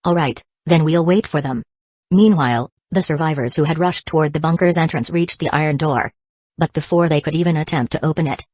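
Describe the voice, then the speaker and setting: A woman narrating an action novel as an audiobook, reading in an even, steady way. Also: low-pitched, no room sound.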